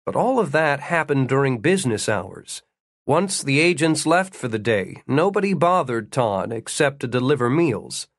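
A man reading a novel aloud as an audiobook narrator, in measured, wry storytelling. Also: medium pitch, sing-song, dry recording, clean studio sound. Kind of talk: scripted narration.

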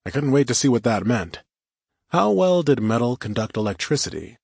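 A man narrating first-person action fiction for an audiobook, in a steady, even storytelling manner. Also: medium pitch, normal speed, gravelly, husky, dry recording, studio quality.

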